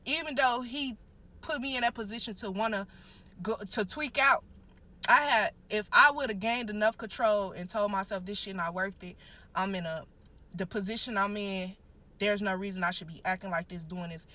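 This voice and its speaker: Telling her personal story as a guest, a young woman speaks animatedly and profanely, repeatedly calling listeners "y'all" in this emotional account. Her medium-pitched voice is bright and forceful at a moderate pace.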